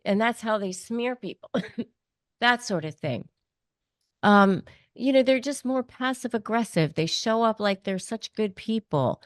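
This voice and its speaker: A woman's voice: on the high side, lively intonation, measured pace, no echo, studio quality. A woman hosting an advice interview, speaking emphatically and repeating her key points. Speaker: host.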